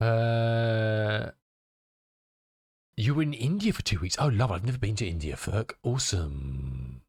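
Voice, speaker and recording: A man's voice: on the low side, expressive, measured pace, a little mellow, breathy edge, dry recording, clean studio sound. A male streamer chatting casually with his viewers, muttering to himself as he tinkers and answering chat messages.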